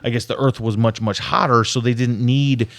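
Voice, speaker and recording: A man's voice: medium pitch, steady tone, moderate pace, a bit bright, no room sound. A man co-hosting a podcast in casual chat, rambling through explanations and laughing often. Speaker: podcast co-host.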